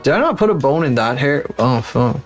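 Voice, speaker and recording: A male streamer rants loosely and swears freely, his voice in a middling pitch. Faint background music plays under him as he works on stream. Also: brisk. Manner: profane, ranting, animated. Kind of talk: casual livestream chat while working.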